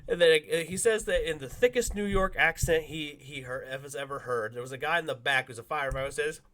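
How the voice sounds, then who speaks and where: Bright animated man telling a story. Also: fairly high pitch, fairly quick. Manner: animated, acts out quotes with loud bursts and laughs. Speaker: podcast co-host. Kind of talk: casual storytelling chat.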